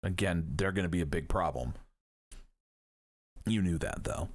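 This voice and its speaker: A man's voice: sits low, normal speed. A man teaching history on a live stream, talking in a casual, jokey way and swearing now and then. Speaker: history professor.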